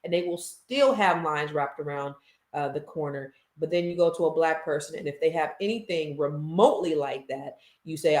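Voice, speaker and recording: A woman's voice: deep voice, normal speed. A middle-aged woman in a casual vlog rant, heated and emphatic, swearing freely. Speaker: social media commentator. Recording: roomy echo.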